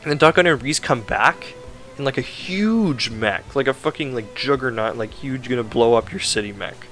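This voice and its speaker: A man's voice: medium pitch, animated, normal speed, fairly bright tone, faint music behind. A man giving a rambling, sarcastic, casual game review, swearing often and filling his talk with "like".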